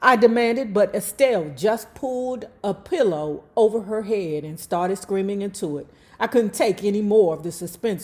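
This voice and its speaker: A woman's voice: mid-range voice, moderate pace, hardly any pauses. A woman reading a memoir aloud to her viewers. She breaks off into chatty, slangy, profane asides. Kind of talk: reading aloud with casual commentary.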